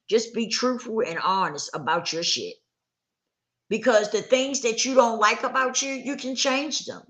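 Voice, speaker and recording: This livestream host is a woman with a mid-range, slightly bright voice. She delivers an earnest motivational talk to her audience, repeating points for emphasis and regularly checking in with listeners.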